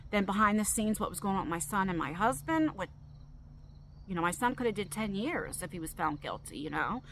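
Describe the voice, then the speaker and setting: Emotional, bright-voiced middle-aged woman vlogger. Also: medium pitch, animated, brisk, slight background noise, poor audio. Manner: open, emotional, rambling with restarts. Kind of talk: emotional personal vlog.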